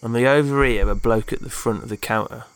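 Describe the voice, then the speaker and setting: A man's voice: mid-range voice, fast, dry recording. Rambling man telling a story. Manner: rambling, full of fillers and laughs. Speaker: podcast co-host. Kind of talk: casual chat and storytelling.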